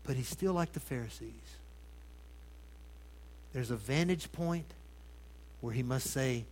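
A man preaching a sermon, asking his congregation rhetorical questions and swinging between loud emphasis and hushed tones. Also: medium pitch, slow, long pauses, slight background noise.

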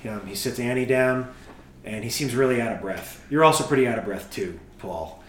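A man narrating as game master of a tabletop horror game, halting and full of fillers and restarts. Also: mid-range voice, roomy sound.

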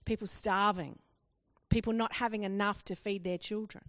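Woman preacher, expressive, dramatic questions, dry close sound. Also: medium pitch, moderate pace, no echo. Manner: expressive, acts out quoted questions with rising emphasis. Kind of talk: sermon.

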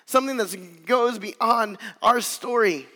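High-voiced male pastor preaching in a hall. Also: slow. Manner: earnest preaching, swelling louder on key phrases. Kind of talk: sermon.

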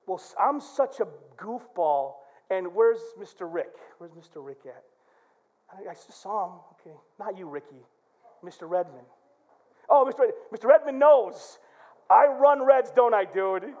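A male pastor from Michigan preaching in church, telling a story with lively acted-out quotes and shouts. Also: extremely high pitch, moderate pace. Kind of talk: sermon.

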